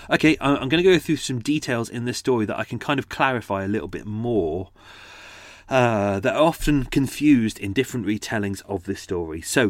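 Low-voiced chatty man hosting his show. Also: no room sound. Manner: chatty, self-deprecating, with frequent fillers and restarts; does character accents for his stories. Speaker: podcast host and storyteller. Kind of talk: casual rambling chat to listeners.

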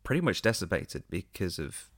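A man's voice: deep voice, sing-song, normal speed, fairly bright tone, no room sound, clean studio sound. A man co-hosting a podcast, explaining and reviewing films in a chatty, laid-back way. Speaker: podcast co-host. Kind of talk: casual film review chat.

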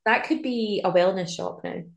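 A woman co-hosting a podcast, throwing in quick joking asides. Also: mid-range voice, creaky. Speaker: podcast co-host. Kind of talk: casual chat.

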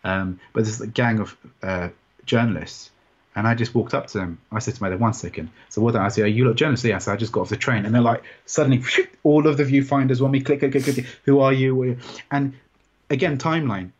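A man recounting a personal experience in an interview, rambling and halting with many restarts. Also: mid-range voice, fairly even intonation, slightly rough. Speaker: interview guest. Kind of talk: personal story in conversation. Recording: dull, muffled sound.

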